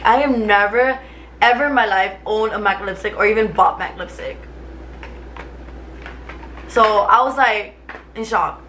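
Young woman vlogger, higher voice, rambling emotional chat with lots of fillers, light noise behind. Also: sharp tone. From Cuba. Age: 20s. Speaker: vlogger, teacher. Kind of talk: casual chat to camera. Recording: faint background noise.

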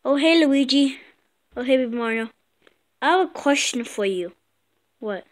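A woman's voice: sits high, expressive, normal speed, long pauses. A woman acting out a comedic skit with toy characters, teasing and mimicking slang in a playful way. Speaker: skit maker.

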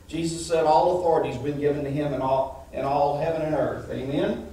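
A male pastor preaching an animated sermon to a congregation, asking "amen?" as he goes. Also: on the high side, moderate pace. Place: church sanctuary. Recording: echoey church hall, mic from far off.

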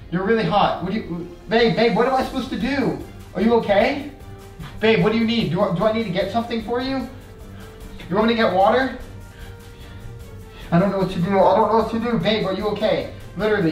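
A young man with a high voice co-hosts a casual prank vlog at home, sounding shaken and repeating himself as he pleads with his girlfriend. He's recorded off-mic from a distance in a roomy space, with faint music in the background.

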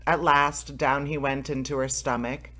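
A man reading a fairy tale aloud as narrator, steady, with small restarts. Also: medium pitch, a little slow. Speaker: storyteller, channel host.

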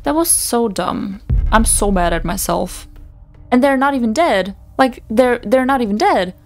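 Slow-talking woman streamer, cursing at herself. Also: fairly high pitch, animated. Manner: frustrated, self-mocking, swears often. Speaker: let's play streamer. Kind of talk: gaming commentary. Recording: faint game music behind.

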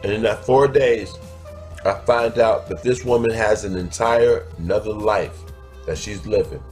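A man's voice: fairly low pitch, measured pace, darkish tone, faint music behind. A man telling a crude personal story, blunt and profane, stretching out words for emphasis.

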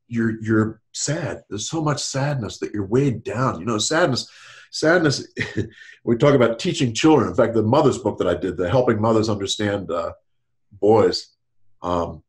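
Man, middle-aged, casual podcast talk, very lively pitch, animated, laughs. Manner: animated, laughing, acts out quotes in raised voice. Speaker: counselor.

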